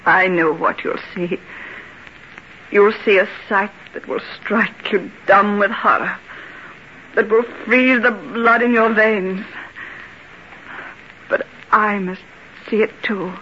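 A woman's voice: medium pitch, fairly even intonation, slow, long pauses, slight background noise, close to an everyday voice. An actress playing an anguished young woman in a radio play, pleading in an overwrought, tearful way. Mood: grave. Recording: muffled old radio recording.

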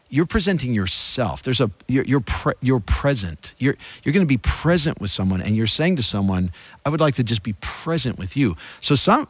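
A man's voice: medium pitch, a bit bright, no echo. A man co-hosting a casual faith discussion, talking with many restarts and acting out the lines he quotes. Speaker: podcast co-host.

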